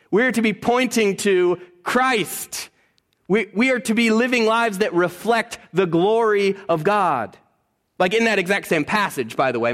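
A male pastor delivers a sermon in a relaxed, conversational way, with a voice that sits a little high for a man. He speeds up for asides, slows right down to stress a point, and keeps putting questions to the congregation. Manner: conversational preaching, animated, asks the congregation questions.

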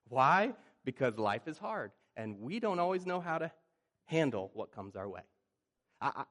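A middle-aged pastor with a voice that sits a little high for a man preaches in a lively, conversational way. He keeps stumbling into restarts and breaks into frantic acted-out voices to make his points. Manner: animated preacher, acts out panicked voices, frequent restarts. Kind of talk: sermon.

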